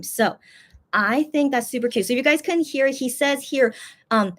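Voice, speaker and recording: A woman's voice: fairly high pitch, lively intonation, quick pace. Woman rambling in casual fan chat. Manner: rambling, many fillers and restarts. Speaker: fan vlogger, channel host.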